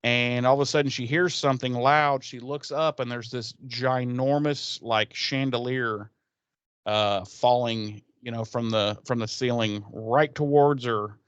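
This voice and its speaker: Animated man retelling a show. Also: medium pitch, a little slow, clean tone, no echo, muffled recording. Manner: animated storytelling, acts out characters' lines. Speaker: podcast co-host. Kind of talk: casual recap chat.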